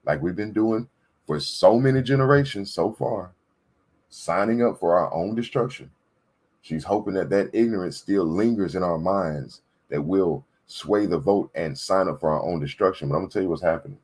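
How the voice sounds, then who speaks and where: Low husky-voiced man ranting. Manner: emphatic, repetitive, preachy; checks in with listeners. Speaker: political commentator. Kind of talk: ranting commentary.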